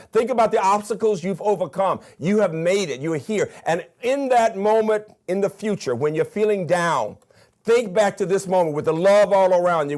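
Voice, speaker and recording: Older man, Southern accent, slightly high voice, commencement speech, emphatic, enthusiastic. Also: darkish tone. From Birmingham, Alabama. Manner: emphatic, enthusiastic, counts off points. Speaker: commencement speaker, university president. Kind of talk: recorded commencement address.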